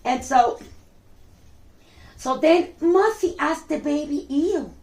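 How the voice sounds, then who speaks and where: Slow, gravelly-voiced woman telling a kids' story. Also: sits high. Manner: expressive, exclaiming, chatty asides to the listener. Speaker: storyteller for children. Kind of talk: animated children's story reading.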